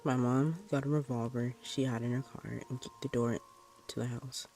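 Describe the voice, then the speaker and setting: A man narrates a spooky first-person tale in a mellow, dark-toned voice. His delivery is plain and unhurried, with soft music playing faintly underneath. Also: medium pitch, steady tone. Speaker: storyteller. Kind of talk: reading a horror story aloud.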